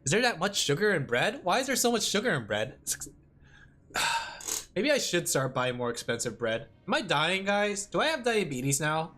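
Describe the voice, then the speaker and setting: A woman streamer chatting casually and rambling with lots of fillers, excitable and quick to laugh. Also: on the low side. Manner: excitable, breaks into laughs and shouts. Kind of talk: casual live-stream chat.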